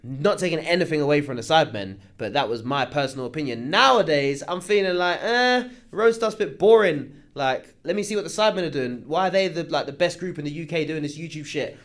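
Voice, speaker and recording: A young man talks through online drama in a loose, chatty way, stopping to read viewer comments aloud. His voice sits a touch high for a man, and he breaks up his commentary with slangy asides. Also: expressive, brisk, hardly any pauses, a bit bright. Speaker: commentary host. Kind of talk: casual reaction commentary.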